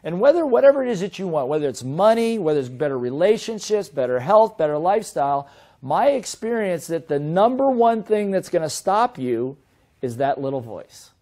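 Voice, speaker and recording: A man's voice: sits high, normal speed. Man teaching, full of rhetorical questions. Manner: lively, asks the audience many rhetorical questions. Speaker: sales and business trainer. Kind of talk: seminar teaching to an audience.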